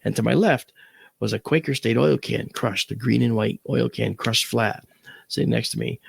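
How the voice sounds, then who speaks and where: A man, an astronomer, telling a vivid personal story and acting out the shouts of the people in it. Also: mid-range voice, normal speed, gravelly, slightly rough, no echo. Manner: vivid, acts out quoted shouts, swears.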